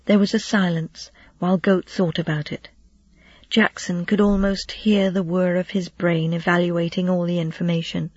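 A husky, slightly breathy narrator reads a children's novel aloud with steady storytelling and light character touches. The sound is close and dry, on a dull lo-fi recording. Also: mid-range voice, normal speed, dry recording. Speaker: audiobook narrator.

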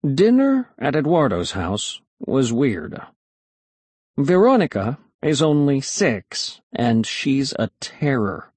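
Man, storybook narrator, husky voice, lively pitch, dry close sound. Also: slow pace, dry recording. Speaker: audiobook narrator. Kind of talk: first-person storybook narration.

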